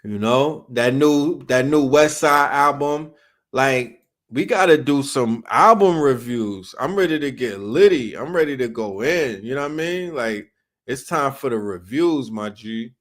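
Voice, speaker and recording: A man's voice: mid-range voice, expressive, a little slow. A man from New York hosting a casual livestream, talking hip hop in loose slang and reacting to comments from chat. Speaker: livestream host.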